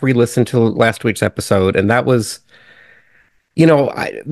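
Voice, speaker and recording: A man's voice: medium pitch, dry recording, studio quality. A man co-hosting a casual podcast, speaking hesitantly with many restarts and fillers. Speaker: podcast co-host.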